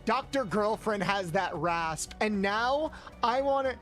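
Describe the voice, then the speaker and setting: A man's voice: high voice, expressive, takes it slowly, fairly bright tone. Playful man rambling over game play. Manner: playful and rambling, chats with viewers. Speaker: streamer. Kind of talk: casual gameplay commentary. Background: faint game music.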